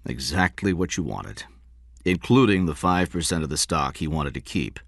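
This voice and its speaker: A man voicing a tired middle-aged business agent in an audiobook, sounding weary and flat. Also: extremely low pitch, moderate pace, no room sound, studio quality, full character voice.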